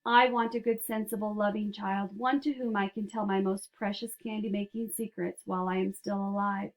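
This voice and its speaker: A woman reading aloud and voicing an eccentric, excitable male candy maker who talks eagerly and insistently. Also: mid-range voice, a little fast, lightly acted, low-quality recording. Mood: earnest. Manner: eager, insistent, grandly persuasive.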